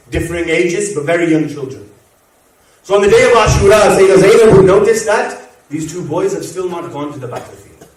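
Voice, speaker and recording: A man with a high-pitched voice tells religious stories at a mourning gathering, acting out the dialogue. His voice carries from far off the mic and rings through a very reverberant hall. At the emotional parts he sinks into a soft, low tone. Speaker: Muharram speaker. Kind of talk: religious lecture storytelling. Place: mosque or community hall.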